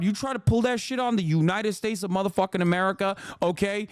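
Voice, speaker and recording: A man's voice: high voice, fairly quick, smooth, dry recording, studio quality. A man streaming casual commentary, ranting profanely with mock patriotic bravado.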